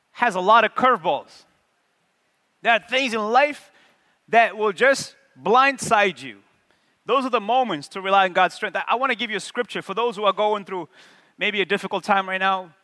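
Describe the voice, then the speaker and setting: Male pastor, high bright voice, lively sermon delivery with call-and-response, church hall reverb. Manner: animated, call-and-response with the congregation.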